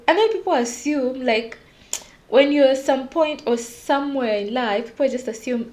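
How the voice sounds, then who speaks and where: Young woman chatting on her podcast, high-pitched, laughs at herself a lot. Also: moderate pace. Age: young adult. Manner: animated and confiding, laughs at herself. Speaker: podcast host. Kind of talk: casual solo podcast talk.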